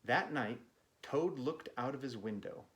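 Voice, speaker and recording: A man reading a picture book aloud to children, with gentle chatty asides to young listeners. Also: mid-range voice, unhurried. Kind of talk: read-aloud storytime for kids.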